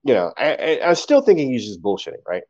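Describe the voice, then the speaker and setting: Male poet guest, lively casual storyteller, swears freely, mid-pitched voice, muffled lo-fi sound. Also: fast talker. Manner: animated, acts out quotes, swears casually.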